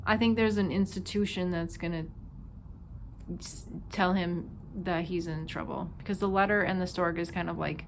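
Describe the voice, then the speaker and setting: A woman's voice: fairly low pitch, steady tone, normal speed, creaky, a little hiss or hum. A woman with a Minnesota accent giving a casual tarot reading, chatting and thinking aloud with lots of fillers. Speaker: tarot reader.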